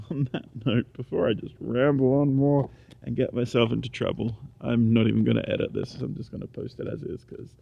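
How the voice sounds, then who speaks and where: A middle-aged Australian man, tired and speaking quietly, rambling through a casual walking vlog outdoors at night. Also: creaky, husky. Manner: rambling, quiet and low-key. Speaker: vlogger. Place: outdoors on a small-town main street at night. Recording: dull lo-fi recording.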